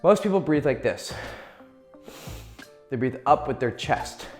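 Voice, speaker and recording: A man's voice: mid-range voice, expressive, a little slow, soft background music. A man giving casual dating advice, loose and profane, laughing easily as he explains. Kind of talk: casual instructional talk.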